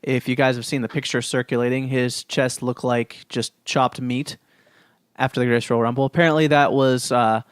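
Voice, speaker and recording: A man's voice: medium pitch, steady tone, moderate pace, clean tone, dry recording, studio quality. A man co-hosting a casual podcast chat, steering the topics in a laid-back, matter-of-fact way. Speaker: podcast co-host.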